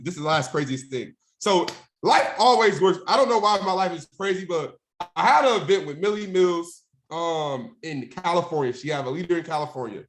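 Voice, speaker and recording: Animated slangy man telling a story. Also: high-pitched, slight background noise. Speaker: guest speaker at a mentorship session. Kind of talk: casual storytelling.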